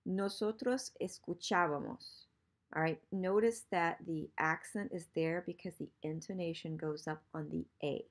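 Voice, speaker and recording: A woman teaching Spanish grammar in an online lesson, patiently repeating examples and slowing down for practice sentences. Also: low voice, steady tone.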